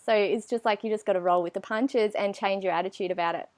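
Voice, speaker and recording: A woman's voice: mid-range voice, quick pace, few pauses, darkish tone, no room sound. A woman, chatting animatedly as an interview guest and acting out her own thoughts. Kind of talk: casual interview chat.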